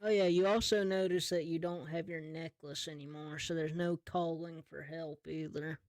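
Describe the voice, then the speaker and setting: A man running a tabletop game as game master, narrating in an easygoing, slow descriptive way. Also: fairly high pitch, fairly even intonation, dry recording.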